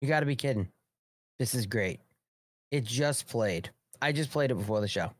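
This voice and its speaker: A man's voice: medium pitch, lively intonation, normal speed, dry recording. A man hosting a casual live political show, rambling and sarcastic with frequent swearing. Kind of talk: casual live-stream commentary.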